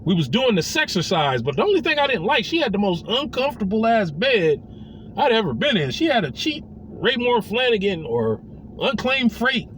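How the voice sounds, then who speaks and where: This man recounts a personal anecdote casually in a high, somewhat bright voice at normal speed. He makes big pitch swings and imitates the people he quotes, while faint background noise is present.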